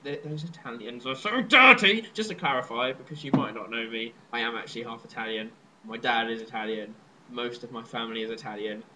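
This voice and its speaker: Excitable young Englishman, bright voice. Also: medium pitch, fast talker, few pauses, rough recording. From southern England. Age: young adult. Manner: excitable, jokey, bursts into loud laughing shouts. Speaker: podcast co-host. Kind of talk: casual chat.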